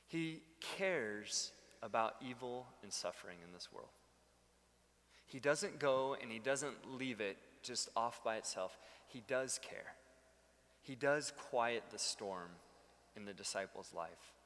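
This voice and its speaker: A man's voice: medium pitch, sharp tone, long reverb tail. A man preaching a sermon, telling stories conversationally with bursts of emphasis. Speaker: pastor.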